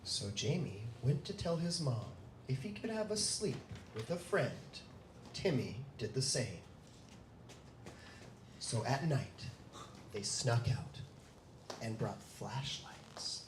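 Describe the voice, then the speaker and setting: A playful host reading a children's story aloud at a live event, leaning into the spooky bits. The voice sits at a middle pitch and is heard from a distance in an echoey room with noticeable background noise. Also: expressive, slow pace, pauses often. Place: live theatre event indoors.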